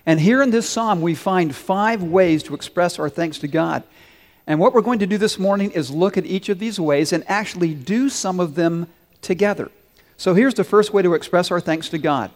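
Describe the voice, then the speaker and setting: A man with a high, light voice preaches to his congregation with earnest warmth of purpose. His words ring out in a large sanctuary with a long, lingering reverb. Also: normal speed. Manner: earnest, leads the congregation in call-and-response. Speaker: pastor. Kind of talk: sermon.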